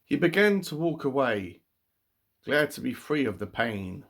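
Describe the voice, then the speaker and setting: A man's voice: mid-range voice, big pitch swings, measured pace, vocal fry, a bit bright, slightly rough. Male book reviewer, conversational, mid-range voice, wry asides between read passages. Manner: chatty, mixes reading with wry asides, many "like" fillers. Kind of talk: casual picture-book review read aloud.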